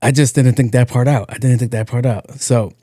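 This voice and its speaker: Mellow-voiced man telling a funny story. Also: medium pitch, a little fast, dry recording, studio quality. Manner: animated, acts out quotes, laughs at own story. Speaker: podcast host. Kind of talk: casual comedic storytelling.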